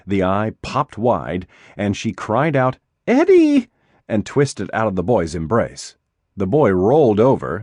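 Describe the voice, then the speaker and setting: Deep-voiced male audiobook narrator. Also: no room sound, clean studio sound. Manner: measured, expressive storytelling. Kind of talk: scripted narration.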